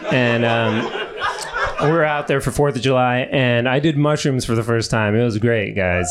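A male stand-up comedian in his thirties rambles through crude improvised material built from audience suggestions, laughing at his own jokes on a club stage. His voice is medium-pitched at normal speed, in a noisy live club recording.

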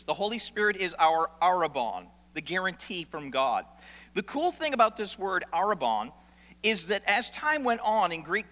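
A man preaching a sermon as pastor, animated, asking rhetorical questions and swinging between loud and hushed. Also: on the high side. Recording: long reverb of a large hall.

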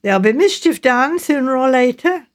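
A woman's voice: high voice, lively intonation, moderate pace, voice pushed up. A woman putting on a fretful, deferential village housekeeper. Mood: worried. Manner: earnest, respectful, keeps saying sir.

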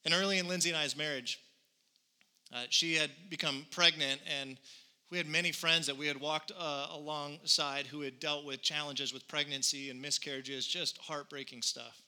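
A man's voice: a little high, steady tone, normal speed, sharp tone. A man in his thirties preaching a sermon, telling a personal story earnestly and building to conviction. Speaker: pastor.

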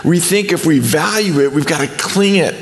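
A middle-aged man preaching a conversational sermon as a pastor, acting out quoted dialogue with lively shifts. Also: on the high side, moderate pace. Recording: long hall reverb.

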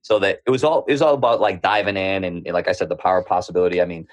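A man with a thick Boston accent speaks in a low, husky voice as a guest on an interview show. He tells his stories in a lively way and slips into other people's voices along the way. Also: rapid-fire. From Boston area. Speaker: podcast guest. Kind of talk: storytelling interview.

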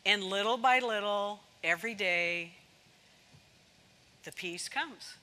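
A woman's voice: mid-range voice, slow, bright, forceful tone, big-room sound. A woman giving a personal devotional talk in an earnest, confiding way, with many small fillers. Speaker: devotional speaker.

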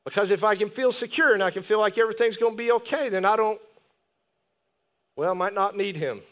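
A man with a high-pitched voice preaches a little fast, keeping his sermon conversational and animated, with asides to the congregation.

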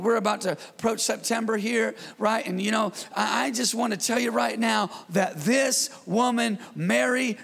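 High-voiced gravelly pastor preaching. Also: male voice, long reverb tail. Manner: lively, conversational preaching with call-and-response. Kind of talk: sermon. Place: church.

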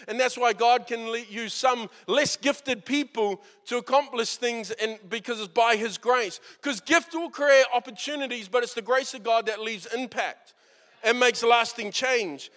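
A New man preaches a sermon in a high, bright voice. His delivery is conversational and earnest, and he acts out quoted lines. A long hall reverb trails behind every phrase. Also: moderate pace. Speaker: pastor.

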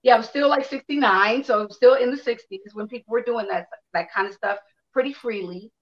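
A woman in her fifties from Chicago, telling a personal story to listeners in a candid, animated way, acting out quotes and swearing freely. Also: a little high, fairly quick, dull audio.

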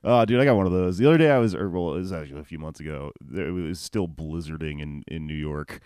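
A man's voice: low-pitched, fast, a little mellow, smooth, dry recording, clean studio sound. A man, a comedian in casual podcast chat, laid-back, laughing often and swearing casually.

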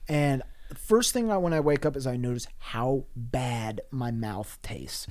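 A man in a casual podcast chat, telling a rowdy story with lots of swearing and laughter. His delivery swings from loud bursts to mumbled asides. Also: medium pitch, measured pace. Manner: profane, laughing anecdotal delivery. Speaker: podcast co-host.

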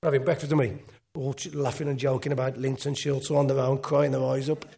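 A man's voice: medium pitch, flat delivery, fast talker, creaky, mellow, slight background noise. A man, a former footballer, telling a rambling after-dinner story on stage with lots of repeats. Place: live event on stage.

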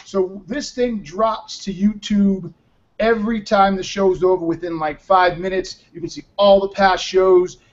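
A man's voice: sits high, steady tone, measured pace. A man hosting a casual live talk show, exhausted from little sleep, talking in a rambling, blunt way with the odd swear word. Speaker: show host. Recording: muffled lo-fi audio.

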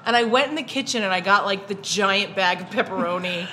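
A woman's voice: mid-range voice, a little fast, bright, forceful tone, slight background noise. A woman hosting a podcast in a bar, chatting casually over drinks and telling stories with lots of laughter. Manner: laughs often, tells stories animatedly. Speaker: podcast host.

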